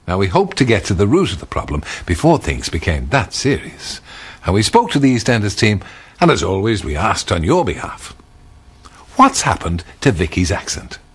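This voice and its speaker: Man, TV host, husky voice, wildly sing-song pitch, playful mock-grand delivery. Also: wildly swooping pitch, moderate pace. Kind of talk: scripted studio presenting.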